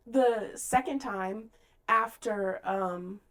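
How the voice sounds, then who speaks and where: A woman co-hosting a casual book podcast, retelling scenes with lively acted-out lines. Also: mid-range voice, normal speed. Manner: animated, acts out characters' lines mid-story. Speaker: podcast co-host.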